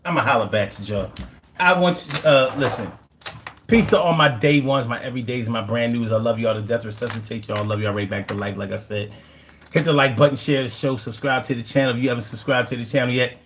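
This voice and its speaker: A man's voice: mid-range voice, a little fast, fairly bright tone, slight background noise. A man hosting a nightly online show, talking casually and slipping into playful, slangy half-rapped rhymes. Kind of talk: casual live-stream talk with freestyle rhymes.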